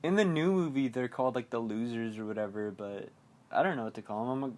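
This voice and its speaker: A man's voice: medium pitch, quick pace, darkish tone. A young man hosting a podcast, casually recapping a horror movie in a rambling, giggly way and acting out the characters' lines. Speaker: podcast host.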